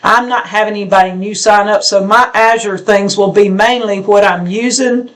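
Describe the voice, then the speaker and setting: A woman co-hosting a homestead channel, rambling in a folksy way through viewer comments with halting restarts. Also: mid-range voice, fairly even intonation. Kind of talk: casual porch chat reading viewer comments.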